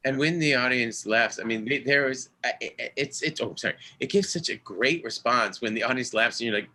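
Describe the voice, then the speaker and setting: A man's voice: medium pitch, bright, forceful tone. Earnest man telling a theater story. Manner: earnest, halting, with many restarts. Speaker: original cast member and director. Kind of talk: casual storytelling on a video call. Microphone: video call microphone.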